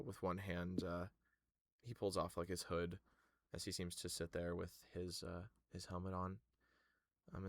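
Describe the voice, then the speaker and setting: Male game master, low gravelly voice, slow halting narration, dry close mic. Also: a bit bright, no echo. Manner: halting, full of fillers and restarts.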